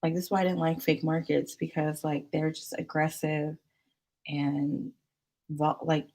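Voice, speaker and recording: At a measured pace, a young female vlogger rambles through a casual story to camera, turning animated and jumping into high-pitched squeals of excitement.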